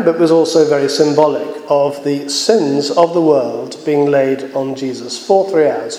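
A man preaching a sermon, earnest and measured, pausing often with fillers. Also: fairly high pitch, a little mellow. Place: church. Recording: echoey church hall with long reverb.

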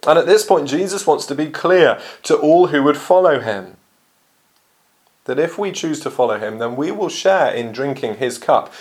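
A man preaching a sermon, earnest and measured, with frequent ums and uhs. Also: a little high, animated.

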